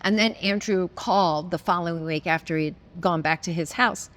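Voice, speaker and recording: A woman's voice: lowish voice, moderate pace, fairly bright tone. A woman as an interview guest, telling stories casually and expressively, with frequent laughs and hesitant restarts. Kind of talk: casual conversational storytelling.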